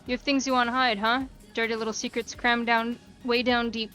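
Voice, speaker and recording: A woman's voice: fairly high pitch, flat delivery, brisk, sharp tone. A woman reading a taunting, creepy stalker from a game, sneering and teasing as she goes. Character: taunting creepy stalker who mocks the player. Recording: faint music behind.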